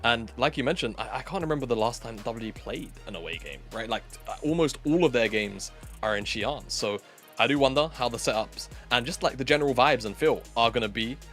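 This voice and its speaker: A man co-casts a live esports show, talking in a loose, rambling way and correcting himself as he goes. His pitch swings widely and lively. Faint music sits under his voice. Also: fairly quick. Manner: rambling, self-correcting, playful. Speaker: esports caster. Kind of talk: casual live esports commentary.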